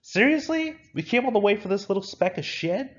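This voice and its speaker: A man's voice: medium pitch, fairly even intonation, a little fast, darkish tone, natural voice. A man reads a brash, reckless young man, blunt and crude in how he speaks. It comes through a muffled lo-fi recording. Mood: outraged.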